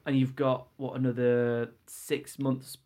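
Relaxed male podcast host. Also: mid-range voice, takes it slowly. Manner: relaxed, encouraging questions. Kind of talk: casual podcast interview.

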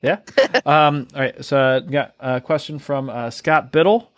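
A man hosting an interview podcast, reading listener questions in a halting, self-deprecating way with many fillers. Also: on the high side, animated, dry recording, studio quality. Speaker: podcast host.

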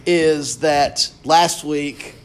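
A man's voice: on the high side, extremely slow, slight background noise. A man co-hosting a podcast in casual chat, chiming in and keeping the show moving. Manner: easygoing, chimes in and keeps time. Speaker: podcast co-host.

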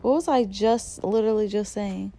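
A woman's voice: medium pitch, normal speed, dark tone. A young woman chats casually on her own podcast in an ordinary mid-range voice. She rambles freely, with lots of fillers and restarts. Faint music plays underneath. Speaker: podcast host. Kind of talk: casual solo podcast chat.

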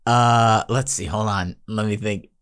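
A man's voice: on the low side, steady tone, measured pace, a bit bright, smooth. A man co-hosting a casual podcast, running an improv game with plenty of laughs, recorded in a studio. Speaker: podcast co-host. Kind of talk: casual chat.

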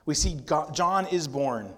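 A man's voice: a little high, expressive, measured pace. A man preaching a sermon in a conversational way, retelling scripture with playful asides. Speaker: pastor.

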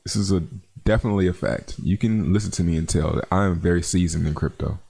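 A man with a very low, gravelly voice hosts a crypto livestream. He reads out viewer comments in a relaxed, chatty way, calling people man and bro. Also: quick pace. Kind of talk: casual livestream chat reading comments.

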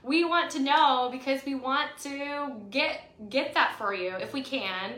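A young woman co-hosting a podcast in a casual live chat, her voice worn raspy from yelling, bubbly and chatty with lots of fillers. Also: high voice, unhurried. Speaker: podcast co-host. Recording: echoey room.

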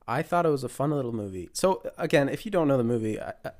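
A young man co-hosts a casual podcast about films. He retells plots in a loose, rambling way and often breaks off to restart a sentence. His voice sits at an ordinary middle pitch. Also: lively intonation, fast talker, darkish tone. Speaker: podcast co-host. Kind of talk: casual film chat.

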